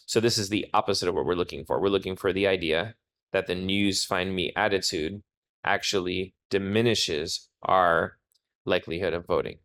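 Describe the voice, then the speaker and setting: A man's voice: low-pitched, fairly bright tone. A man working as an SAT tutor, talking through test questions step by step in a test prep walkthrough. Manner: explanatory, talks through reasoning step by step.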